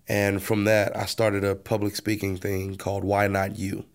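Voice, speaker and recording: Male pastor, interview guest; earnest testimony, low and fry-heavy, restarts and repeats words. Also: completely flat delivery, normal speed, hardly any pauses. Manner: earnest storytelling, repeats words as he restarts, acts out his own past words.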